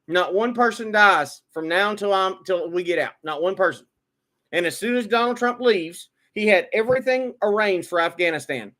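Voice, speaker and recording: A man with a high-pitched, slightly bright voice delivers an opinionated political monologue at a moderate pace, sounding expressive. He keeps stammering, repeating words and restarting, then rises into emphatic outbursts.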